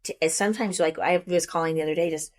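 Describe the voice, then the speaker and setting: A woman's voice: sits low, steady tone. A woman realtor telling work stories in a casual, chatty podcast conversation, from the United States. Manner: chatty, quick asides, storytelling. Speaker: realtor guest.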